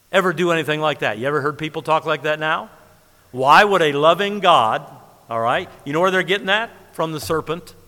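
A man preaching with a bright, forceful, slightly higher voice. He is emphatic and animated and quotes scripture in old-fashioned English. His voice rings through a big hall with a long echo. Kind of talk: sermon.

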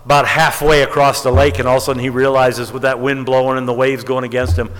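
Guy preaching a sermon, storyteller type, gets loud and high for the big lines, big churchy reverb. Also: flat delivery, fast talker. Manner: storytelling, rising to emphatic high peaks. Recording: long hall reverb.

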